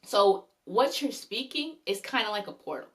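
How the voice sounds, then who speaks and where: A woman's voice: medium pitch, lively intonation, normal speed, fairly bright tone. A woman giving a spoken devotional talk as a faith vlogger, earnest and rambling, often repeating a praise phrase and her own points. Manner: repeats "glory be unto the Lord" often.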